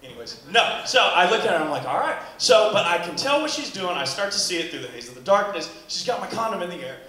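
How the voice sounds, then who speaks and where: High, lively man doing stand-up. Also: fast talker. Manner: animated, rambling storytelling with acted-out exclamations. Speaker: stand-up comedian. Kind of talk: stand-up comedy set. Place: club stage with audience. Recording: echoey club room with crowd.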